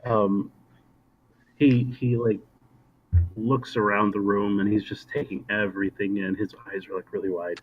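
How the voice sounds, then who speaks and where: A man's voice: on the low side, little pitch movement, measured pace. A man playing a tabletop game over a voice call, talking hesitantly with many fillers. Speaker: player. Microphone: voice call, cutting in and out. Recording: dull lo-fi call audio with faint noise.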